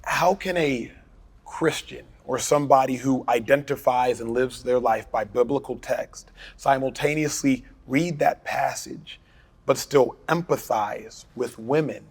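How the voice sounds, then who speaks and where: Measured male talk-show host. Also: mid-range voice, breathy edge. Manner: measured, deliberate questioning. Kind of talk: hosting a panel discussion.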